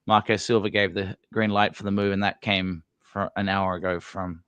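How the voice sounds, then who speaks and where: A man's voice: low-pitched, little pitch movement, moderate pace, a bit bright, clean tone, no echo. A man co-hosting a casual live-stream football chat, easygoing, chuckling often, trailing off and correcting himself mid-sentence. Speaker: fan channel co-host.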